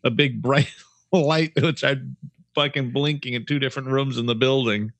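A man's voice: mid-range voice, fairly even intonation, moderate pace, fairly bright tone, no echo. A man in his fifties, a former radio broadcaster, telling profane, rambling stories while co-hosting a podcast. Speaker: podcast co-host. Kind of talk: casual chat.

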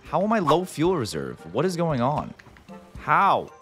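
A man hosting a gaming video, giving casual gameplay commentary with excitable, jumpy reactions and playful mock outrage. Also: fairly high pitch, unhurried, soft background music.

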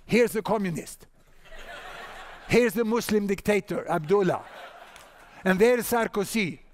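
A man in his sixties with a Swedish accent, lecturing at a conference and telling a story with lively asides and repeated words. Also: high voice, measured pace. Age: 60s. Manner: animated storyteller, frequent "huh?" and "you know" asides, repeats words. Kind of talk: conference talk. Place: conference hall with audience.

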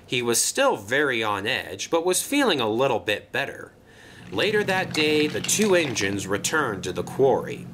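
Expressive male storybook narrator. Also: mid-range voice, moderate pace, slight background noise.

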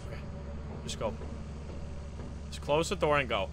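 A man streaming a co-op game with friends, chatting casually, swearing and exclaiming when things go wrong, then dropping to low mutters. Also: expressive, moderate pace. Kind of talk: casual live game chat. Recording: noisy live stream audio.

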